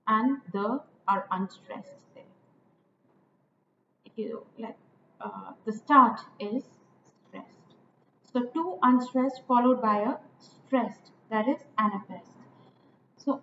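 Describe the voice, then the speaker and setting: A woman lecturing on poetic meter, slow and deliberate, repeating lines and stressing each syllable. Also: fairly high pitch. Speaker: literature teacher. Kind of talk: poetry lecture. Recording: echoey, tinny phone-like audio with faint noise.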